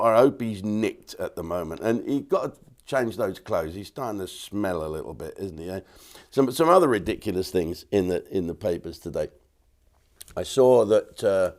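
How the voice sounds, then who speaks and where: An older man, a comedian ranting bluntly in an opinionated monologue and putting on voices for the people he quotes. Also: medium pitch. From England. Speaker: comedian host.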